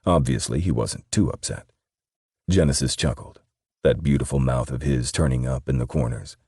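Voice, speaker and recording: Male audiobook narrator, very deep and husky, steady reading. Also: moderate pace, dry recording, clean studio sound. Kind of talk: scripted narration.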